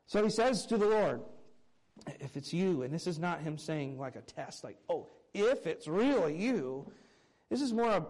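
A man preaching a sermon, explaining a scripture passage with earnest emphasis and quiet low asides. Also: poor audio. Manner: earnest expository preaching, reading scripture aloud; animated, swinging between raised emphasis and quiet low asides. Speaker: pastor.

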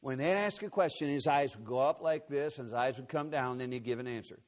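A man's voice: medium pitch, brisk. A man preaching in a large auditorium, telling a story with earnest drama and acting out the quotes. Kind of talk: sermon storytelling.

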